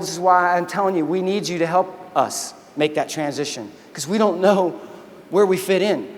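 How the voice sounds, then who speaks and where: A man who is an army veteran giving a motivational keynote speech, telling animated stories and acting out dialogue. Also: high-pitched, long reverb tail. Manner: folksy, animated storytelling with quoted dialogue. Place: large convention hall.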